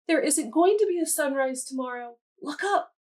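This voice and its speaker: A woman reading aloud and voicing an excited, alarmed female hen in a children's storybook. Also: high voice, moderate pace, voice pushed up. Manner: excited, exclaiming.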